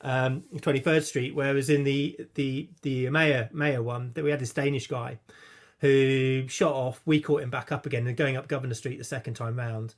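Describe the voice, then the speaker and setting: A man's voice: mid-range voice, steady tone, moderate pace. A man co-hosting a podcast in casual chat, chatty and self-deprecating, often restarting his sentences. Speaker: podcast co-host.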